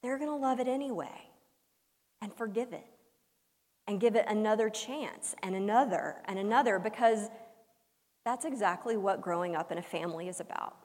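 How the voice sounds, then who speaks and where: A woman preacher delivers a sermon in a medium pitch, telling humorous stories with dramatic pauses. She swings between loud emphasis and soft, hushed lines, and the large hall adds a long reverb.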